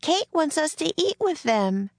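A woman voicing an eager, chatty young girl in a storybook reading, her voice raised high above her own. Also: gravelly, no room sound, clean studio sound, lightly acted. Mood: calling out. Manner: bright, eager, quick to answer.

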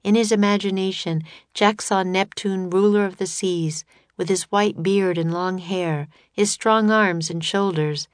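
A woman reading a children's adventure story aloud in a steady, scripted narration. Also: medium pitch, unhurried, no room sound. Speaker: audiobook narrator.

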